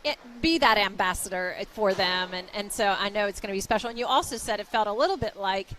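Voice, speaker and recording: A woman's voice: medium pitch, fast talker, fairly bright tone, slight background noise, rough recording. An older woman with a West Virginia accent co-hosting a live local fair broadcast, chatting and asking questions with frequent ums.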